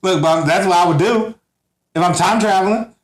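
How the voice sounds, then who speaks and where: A man's voice: high voice, brisk, reverberant. A man co-hosting a podcast, loose and joking, full of slang and acted-out voices. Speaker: podcast co-host. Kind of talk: casual comedic podcast banter.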